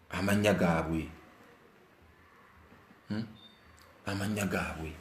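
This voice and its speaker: A Ugandan man giving his opinion in a casual monologue, repeating phrases for emphasis and swinging between brooding low talk and heated outbursts. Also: a little slow, pauses often, darkish tone. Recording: echoey room.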